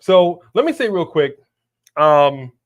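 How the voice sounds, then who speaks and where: A man co-hosting a live wrestling watch-along stream, chatting casually, slangy and animated as he reads out viewer messages. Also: a little high, slow, highs cut off.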